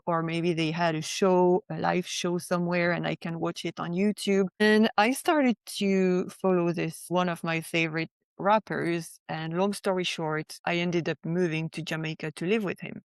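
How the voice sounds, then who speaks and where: A woman's voice: fairly low pitch, steady tone, normal speed, hardly any pauses, smooth, dry recording. A young woman from France, sharing a personal testimony as a podcast guest in a chatty way, peppered with "like" and "right?".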